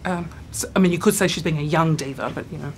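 A man's voice: fairly high pitch, fast talker, background noise, natural voice. A man playing a starstruck, scatterbrained thirty-year-old woman who wants to be a singer, squealing and gushing in a comedy sketch. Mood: flustered.

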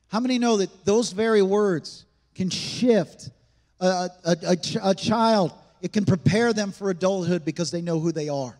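Male pastor, high voice, emphatic conversational sermon, big hall reverb. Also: moderate pace, a little mellow. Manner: emphatic, conversational preaching with rhetorical questions. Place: church sanctuary.

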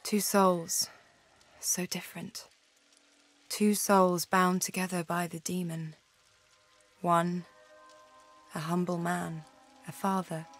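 An actress playing a haunted young woman fighting a demon inside her, speaking in halting, anguished bursts, with soft game music behind. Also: lowish voice, little pitch movement. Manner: halting, anguished, faltering speech. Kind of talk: video game voice acting.

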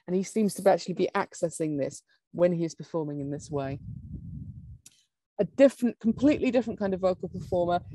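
Woman, lowish mellow voice, eager academic lecturer, dry recording. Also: no room sound. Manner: explanatory, enthusiastic, with small laughs and restarts. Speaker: neuroscience lecturer. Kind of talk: academic conference talk.

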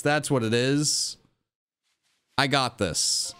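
A young man streaming a game live, talking to himself and his chat, with mock-dramatic groans and sudden high yelps. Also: slow, fairly bright tone, clear, resonant tone. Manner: addresses his chat directly. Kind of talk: live gameplay commentary.

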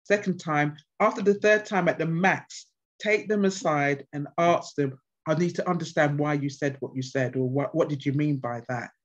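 A woman guest speaker at a conference, answering questions with passionate, animated stories. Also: deep voice, moderate pace. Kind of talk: conference Q&A with anecdotes. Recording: dull lo-fi sound.

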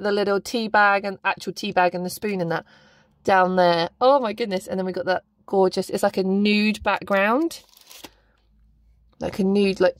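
A woman chatting casually through an unboxing, excitable and gushing, gasping and squealing over each item. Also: medium pitch, dry recording. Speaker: planner unboxing vlogger.

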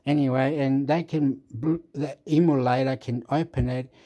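A man's voice: fairly even intonation, normal speed, dark tone. Rambling, scattered man. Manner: scattered, jumps between topics, frequent fillers and laughs; makes sound effects like boop and boom. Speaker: host. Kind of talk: rambling casual monologue.

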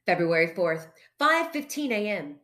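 Expressive woman storybook reader, bright, slow, lively pitch. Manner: expressive, playful. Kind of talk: children's picture book read-aloud.

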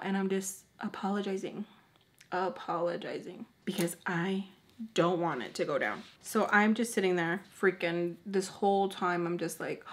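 A young woman in her twenties telling a personal story while doing her makeup, chatty and animated, filling her speech with "like" and acting out the people she quotes. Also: lowish voice, unhurried. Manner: animated, lots of filler "like", acts out quoted people. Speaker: beauty vlogger.

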